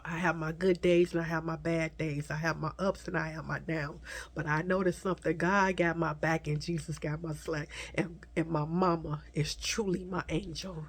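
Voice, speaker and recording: A woman vlogger tearfully telling a personal story to her viewers, speaking softly and haltingly, at times dropping to a whisper. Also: on the low side, slightly rough. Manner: soft, halting, slips into whispers, addresses viewers as y'all.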